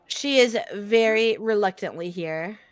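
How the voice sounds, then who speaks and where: Slow-talking woman playing a tabletop game. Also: mid-range voice, smooth. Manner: hesitant, describing. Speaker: player.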